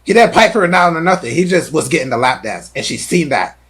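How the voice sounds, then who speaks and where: A man's voice: on the high side, animated, brisk, a bit bright. A man hosting a podcast, telling stories animatedly in casual chat with lots of filler words. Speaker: podcast host.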